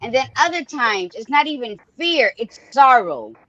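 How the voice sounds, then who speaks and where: A woman's voice: a little high, sing-song, moderate pace, fairly bright tone, dry recording, dull audio. A woman co-hosting a podcast, chatting casually in a blunt, joking way. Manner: blunt, joking, uses cliches. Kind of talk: casual chat.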